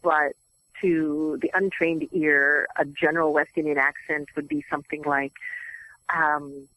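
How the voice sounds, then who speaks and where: Chatty voice actress lady, bright voice, dry mic, tells stories and laughs a lot. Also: low-pitched, no echo, poor audio. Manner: animated, chatty, quick to laugh. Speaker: voice actress guest. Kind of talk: casual interview storytelling.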